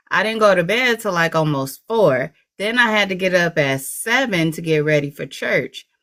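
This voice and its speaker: Tired young woman on a video call stream, aave, lowish voice, just rambling on. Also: a bit bright. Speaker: co-host. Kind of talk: casual livestream chat.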